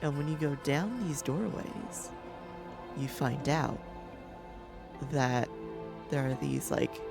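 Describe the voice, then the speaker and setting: Gameplay commentator, casual, rambling, laughs and swears a lot, mid-pitched voice, music in the background. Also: gravelly. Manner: chatty, rambling, swears freely, laughs often. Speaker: gaming content creator. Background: game music.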